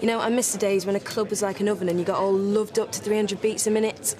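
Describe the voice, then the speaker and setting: An actress playing a wry, guarded young barmaid with a dry, sardonic manner. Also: female voice, medium pitch, fairly even intonation, fast talker, a crowd in the background, natural voice.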